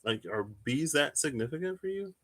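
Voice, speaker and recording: A young man chatting casually on a live stream while reading tarot cards, rambling through stories and jumping into high, laughing outbursts. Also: normal speed. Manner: rambling storyteller, animated, bursts into high-pitched squeals and laughter.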